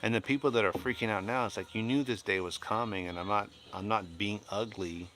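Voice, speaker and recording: A man's voice: lowish voice, fairly quick, a bit bright. A middle-aged man at home, chatting blunt and opinionated on a live stream as he reads and answers his chat, rambling with restarts. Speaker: livestreamer reading and answering chat.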